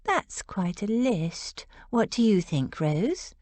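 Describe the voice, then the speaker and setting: A woman voicing a sweet, gentle young Regency lady who gushes thoughtfully. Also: medium pitch, very animated, slow pace, no echo. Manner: gentle, gushing.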